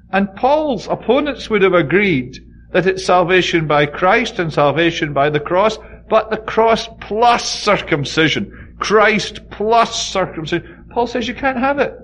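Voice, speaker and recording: A man's voice: high voice, fairly bright tone. A man giving a conversational Bible study, leaning hard on key words and often saying "you know". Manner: informal, frequent "you know", stresses key words emphatically.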